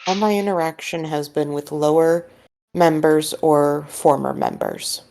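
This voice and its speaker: A woman voicing an earnest, measured man who speaks in a calm, careful way. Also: deep voice. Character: earnest, measured man courting disillusioned people.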